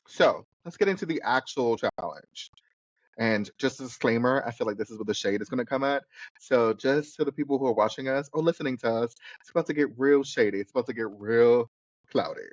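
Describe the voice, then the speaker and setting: A man's voice: medium pitch, animated, fairly quick, no room sound. Podcast guy rambling about a tv show, forgets names, kinda muffled dry mic. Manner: chatty, rambling, trips over names. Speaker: podcast co-host. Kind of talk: casual chat recapping a reality show.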